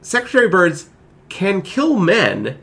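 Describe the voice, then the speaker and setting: A man's voice: high-pitched, wildly swooping pitch, slow, creaky, a bit bright. A man co-hosting a podcast, rambling through a point with playful tangents in casual chat. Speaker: podcast co-host.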